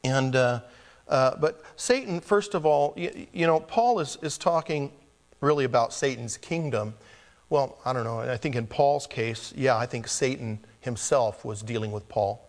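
A man preaching a verse-by-verse sermon in a conversational way. He drops to hushed, near-whispered appeals, then rises into emphatic exhortation. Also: mid-range voice, measured pace. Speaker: pastor. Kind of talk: expository sermon.

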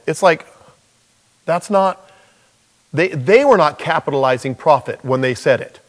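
A man preaching a sermon, animated and jokey, acting out bits of dialogue as he goes. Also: on the high side, unhurried, long pauses. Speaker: pastor.

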